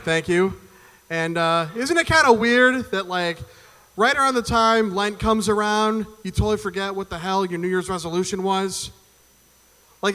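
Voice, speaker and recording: A man working an open mic stand-up set in a performance venue, his voice bright and a little high. He rambles loosely, swears freely and slips into quick acted-out voices. A long hall reverb trails every line from the stage mic. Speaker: stand-up comedian. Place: performance venue stage before a live audience.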